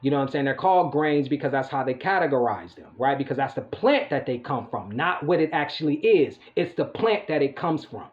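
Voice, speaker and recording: A man's voice: mid-range voice, expressive, fairly quick, few pauses, lo-fi sound. A man hosting his own channel, talking casually and emphatically to his viewers, cursing often and filling gaps with "you know". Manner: emphatic, profane ranting with many fillers. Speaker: channel host. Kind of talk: casual monologue to camera.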